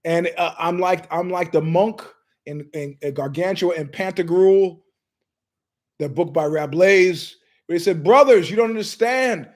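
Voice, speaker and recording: A middle-aged show host narrates a long tale in a lively monologue, measured in pace but emphatic in delivery. His voice is high for a man, he digresses often, and he does impressions of anyone he quotes.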